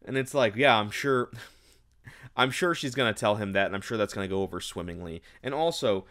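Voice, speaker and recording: A man recapping a book in a casual, rambling rant, dripping with sarcasm. His voice sits on the low side. He sounds exasperated throughout. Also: animated, a little fast, fairly bright tone. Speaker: book reviewer.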